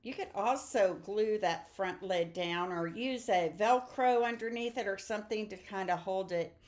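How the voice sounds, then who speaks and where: A woman's voice: mid-range voice, moderate pace, darkish tone. Chatty woman teaching a papercraft class. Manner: chatty, upbeat, talks to viewers while crafting. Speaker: stamping and papercraft instructor. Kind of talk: casual craft tutorial.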